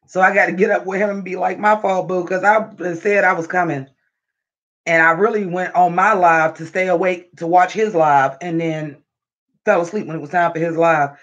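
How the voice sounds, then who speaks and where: A man with a high voice chats and rants on a livestream, animated and full of profanity as he talks straight to his viewers. The audio is dull and lo-fi. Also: normal speed. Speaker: livestream vlogger. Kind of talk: casual livestream chat.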